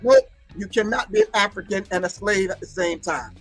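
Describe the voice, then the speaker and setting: An emphatic male host breaks down archival clips, preaching and repeating key phrases for emphasis. His voice sits very high for a man. Faint music plays underneath him. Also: a little fast, husky, dry recording. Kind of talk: commentary on a recorded lecture.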